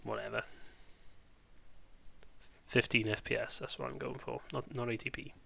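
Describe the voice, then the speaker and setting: Give me a chatty Welsh man streaming live, with a bright, punchy voice. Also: mid-range voice, little pitch movement, normal speed, vocal fry, husky. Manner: chatty, rambling, British slang. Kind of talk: casual live-stream chat.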